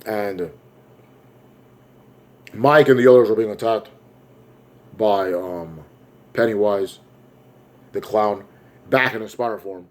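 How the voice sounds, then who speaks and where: A man giving an excitable, rambling plot recap as a movie reviewer, full of fillers. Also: on the low side, takes it slowly, pauses often.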